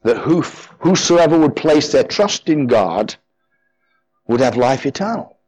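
A man's voice: mid-range voice, animated, unhurried, a little mellow, a little hiss or hum, rough recording. A man preaching a sermon as pastor, fervent and emphatic, often repeating his phrases.

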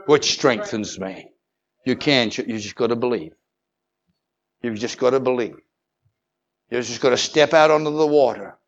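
A man preaching a sermon, moving from measured storytelling to fervent, rising proclamation with calls of hallelujah. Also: mid-range voice, sing-song, muffled recording.

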